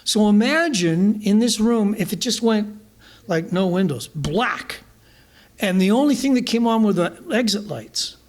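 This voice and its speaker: An older man, a guest musician, telling stories to a live audience in a bar, animated and often laughing. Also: sits high, a little slow. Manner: animated, laughing, vivid storyteller.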